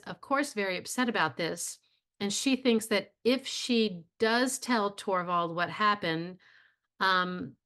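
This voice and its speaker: A woman's voice: medium pitch, a bit bright. A woman instructor giving a casual video lecture, retelling a play in a plainspoken way with frequent fillers. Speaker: theatre instructor.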